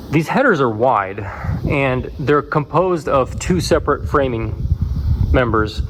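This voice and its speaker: A man casually walking through his house under construction, explaining framing problems in a rambling, animated way with many restarts. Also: mid-range voice, measured pace, background noise. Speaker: home builder filming his build. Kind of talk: walkthrough vlog.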